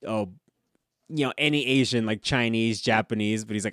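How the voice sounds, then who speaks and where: A man's voice: on the low side, moderate pace, a bit bright, no echo, studio quality. A man co-hosting a casual podcast, laid-back and swearing freely as he retells TV scenes. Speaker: podcast co-host. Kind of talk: casual chat.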